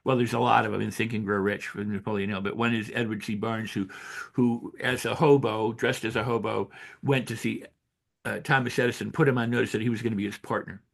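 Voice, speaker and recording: An older man, an author and coach, talking in an interview with animated storytelling, acting out quoted voices and often restarting his sentences. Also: fairly low pitch, brisk, creaky. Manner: frequent restarts and repetitions. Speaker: author and personal growth coach. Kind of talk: interview conversation.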